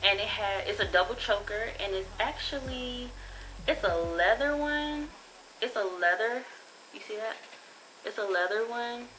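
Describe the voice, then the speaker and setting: A woman's voice: a little high, measured pace, sharp tone, slight background noise, poor audio. A young woman, chatting casually and bluntly, with plenty of profanity, while she reviews a haul of cheap jewelry. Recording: music playing behind the voice.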